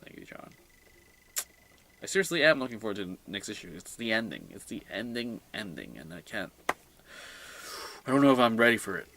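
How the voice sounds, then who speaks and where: A young man giving a casual solo comic book review, rambling and excitable, often trailing off quietly. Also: fairly low pitch, a little fast, pauses often, slight background noise.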